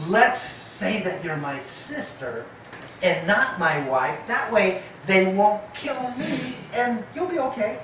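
A man's voice: high-pitched, slight background noise. A man preaching a sermon, telling stories and acting out the voices of the people in them. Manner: animated, acts out quoted voices. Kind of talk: sermon with storytelling. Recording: echoey hall recorded from a distance.

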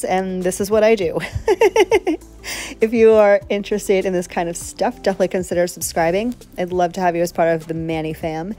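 A woman from South Florida with a lowish, dark-toned voice chats casually while demonstrating a nail tutorial. She's friendly and talkative, laughs easily, and has a light allergy cough.

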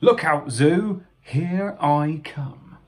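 A man voicing an eager, restless young male raccoon hero in a storybook, with bouncy, dramatic, drawn-out exclamations. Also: a little high, darkish tone. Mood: boastful.

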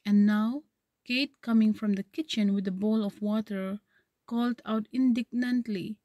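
A woman's voice: mid-range voice, steady tone, unhurried, mellow, dry recording. A woman teacher who reads a story passage aloud, then paraphrases and explains it, checking with "okay". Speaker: literature teacher.

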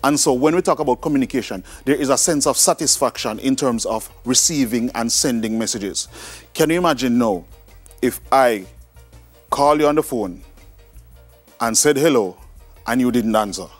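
Jamaican guy teaching a class, mid pitch, friendly explainer, asks "all right?" a lot, faint music behind. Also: moderate pace, no room sound. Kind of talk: recorded classroom lecture.

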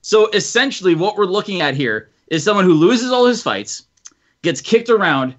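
A man's voice: high-pitched, lively intonation, normal speed. A man co-hosting a casual podcast chat, telling a long, rambling story. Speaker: podcast co-host. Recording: lo-fi podcast audio.

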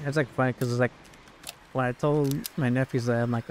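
A young man venting in a casual, rambling way while playing a game, swearing often and filling every pause with "like". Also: medium pitch, fairly even intonation, noisy background. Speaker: gaming YouTuber.

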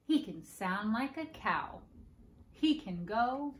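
A woman hosting preschool story time, reading picture books aloud in a slow, sing-song way and playfully acting out animal noises for children. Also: a little high, animated, roomy sound, slight background noise.

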